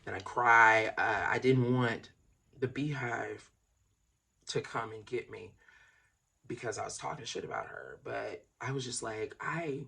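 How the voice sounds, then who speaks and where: Casual vlogger with a slow, rambling delivery and a bright, tense tone that breaks into laughing outbursts. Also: mid-range voice, animated, creaky, breathy edge. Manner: rambling, swings between mumbling and loud laughing outbursts.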